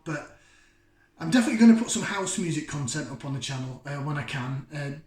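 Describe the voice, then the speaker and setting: Chatty beer vlogger, rambling, self-mocking, slightly higher voice, roomy echo. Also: male voice. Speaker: beer reviewer. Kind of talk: casual chat to camera.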